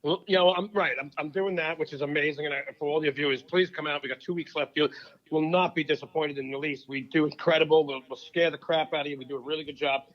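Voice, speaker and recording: High-voiced joking comedian, lo-fi sound. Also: male voice, fast. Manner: jokey, rambling, excitable. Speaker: guest comedian. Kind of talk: casual chat. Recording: dull lo-fi sound.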